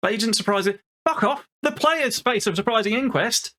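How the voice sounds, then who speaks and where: A man's voice: high voice, big pitch swings, normal speed, few pauses, pushed and bright. A man hosting a gaming channel, giving exasperated, sweary commentary over a football management game. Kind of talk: let's-play commentary.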